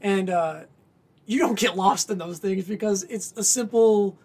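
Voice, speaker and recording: Male podcast co-host, husky, rambling casual storyteller. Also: sits high, unhurried, a little mellow. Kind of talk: casual chat.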